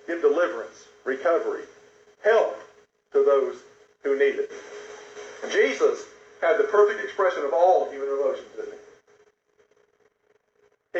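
A man preaching a sermon, swinging from loud raised phrases to hushed asides. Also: medium pitch. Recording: echoey, dull lo-fi sound.

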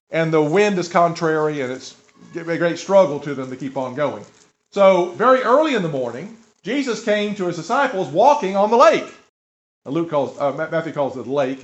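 Folksy male pastor, slightly high voice, dull lo-fi church recording. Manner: folksy, asks the congregation questions. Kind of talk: conversational sermon.

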